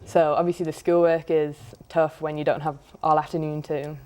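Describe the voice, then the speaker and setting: A young Englishwoman with a low voice gives easygoing, fairly brief answers as the guest of a college sports interview. Her accent is clearly English. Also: level tone, normal speed, mellow. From England. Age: young adult.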